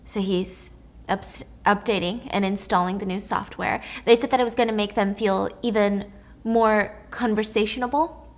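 A woman telling a dark story in a casual spoken way, with chatty asides to the listener. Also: mid-range voice, fairly even intonation, moderate pace.

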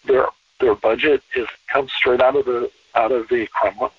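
Man, American, husky, rambling, emphatic, tinny phone line, distant. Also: medium pitch, fairly even intonation, normal speed, dry recording. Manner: rambling, repeats words, emphatic. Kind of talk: casual conversation.

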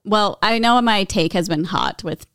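A woman's voice: mid-range voice, unhurried, fairly bright tone, no room sound, clean studio sound. A young woman co-hosting a podcast in a casual, chatty way, agreeing and laughing along. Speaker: podcast co-host. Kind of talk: casual chat.

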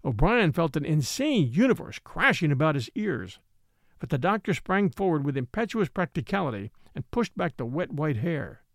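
A man's voice: moderate pace, no room sound, clean studio sound. A man reading a mystery story aloud as narrator, giving each character a shift in voice. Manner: reads all characters with lively shifts in pitch. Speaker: audiobook narrator.

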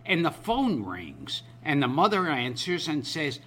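A man hosting a talk show, telling a story in halting, stammering starts. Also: on the high side, sing-song, pushed and bright, a little hiss or hum. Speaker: host. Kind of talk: casual talk show chat.

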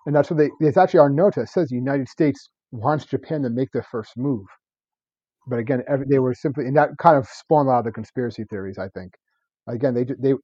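A man in his thirties talks at a fast clip, piling up fillers and little laughs as he co-hosts a history podcast. His voice is dark and a bit husky, heard close up on a slightly muffled home mic. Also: medium pitch, no echo. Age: 30s. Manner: rambling, laughs often, stacks fillers. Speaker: podcast co-host. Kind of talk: casual history chat.

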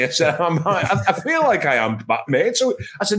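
Middle-aged English man, sports-writer podcast panelist, lively storyteller with pitch swinging high and low, slightly raised voice. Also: a little fast, few pauses, a little hiss or hum. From England. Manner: animated storytelling, acts out his own exasperation. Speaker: football journalist, podcast panelist. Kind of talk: casual anecdote on a podcast.

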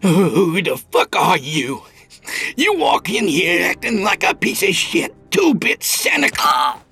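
A man's voice: sits high, huge pitch swings, very slow, creaky, bright, forceful tone, breathy edge, pitched above the performer's own voice, heavily acted. A man doing a whiny, bleating reverend. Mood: shouting. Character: whiny cowardly middle-aged male reverend.

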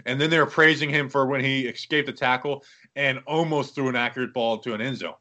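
A man's voice: medium pitch, a little fast. A man hosting a casual football talk show, breaking down stats and then ranting with lots of fillers. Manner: animated, ranting with many fillers. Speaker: football podcast host. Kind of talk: casual sports commentary.

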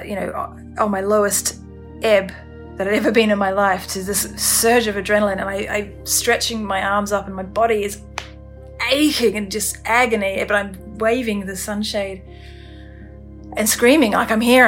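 A woman telling her own story on a podcast, halting and emotional, with many restarts. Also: mid-range voice, steady tone, soft background music. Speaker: storyteller recounting her ordeal. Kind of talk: candid first-person podcast testimony.

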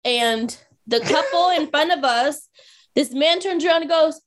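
A high-pitched woman co-host tells a story in casual chat. She is animated and puts on quick voices for the people in it. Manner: animated, acts out quotes from others. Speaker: podcast co-host.

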